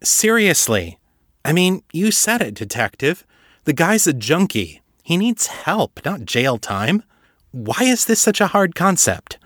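A man's voice: on the high side, very animated, unhurried, fairly bright tone, no room sound, studio quality, voice pushed up, full character voice. A man voicing an outspoken, impatient young woman in an audiobook. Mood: exasperated.

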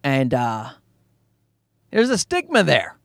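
A man's voice: mid-range voice, wildly swooping pitch, slow, gravelly, no echo, studio quality. A man hosting a podcast, rambling through a profane comedic monologue with bursts of mocking put-on voices. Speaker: podcast host.

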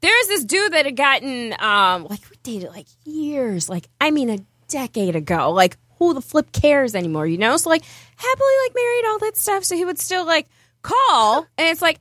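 A woman's voice: high-pitched, fast talker, dry recording, studio quality. A woman co-hosting a casual chat, telling stories and acting out other people's voices. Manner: animated storytelling, acts out voices.

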